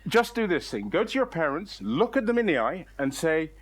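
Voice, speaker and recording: A middle-aged man spins a comic tale on stage with a somewhat high voice. He talks in an animated, exaggerated way, laughing through his own lines as he goes. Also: moderate pace, husky. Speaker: storyteller. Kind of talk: comic live storytelling. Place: storytelling stage.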